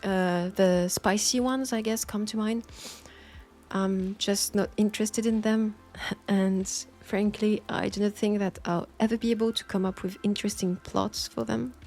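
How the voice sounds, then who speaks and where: A soft-spoken woman with a French accent answers listener questions at a measured, thoughtful pace, pausing with small hesitations. Her voice sits at an ordinary middle pitch. Faint music plays softly behind her. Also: fairly even intonation. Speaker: audio roleplay creator answering listener questions. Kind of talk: Q&A talk.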